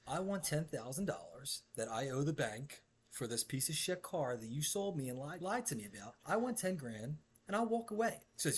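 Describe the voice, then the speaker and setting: A man's voice: mid-range voice, husky. Brash, foul-mouthed male storyteller. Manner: profane, brash, shouting into quoted bits. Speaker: podcast host. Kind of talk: rowdy storytelling monologue.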